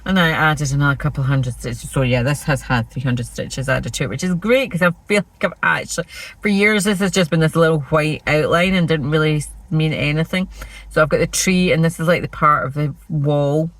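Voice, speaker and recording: A woman's voice: low voice, a little fast, no echo, poor audio. Chatty Scottish woman. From Scotland. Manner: chatty, rambling, self-deprecating. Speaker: flosstube host. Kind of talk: casual chat showing cross-stitch projects.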